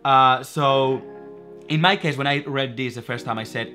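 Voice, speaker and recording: A man's voice: mid-range voice, fairly even intonation, sharp tone, faint music behind. A native Spanish-speaking man with a Spanish accent, teaching vocabulary through a children's story, patient and often laughing. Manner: patient, repeats phrases slowly, laughs often. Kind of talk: reading a story aloud and explaining vocabulary.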